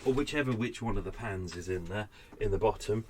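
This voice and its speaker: A man with a lowish voice talks briskly over slight background noise, hosting a podcast from his boat. Tired and a little out of breath, he chats casually and unscripted, rambling and poking fun at himself.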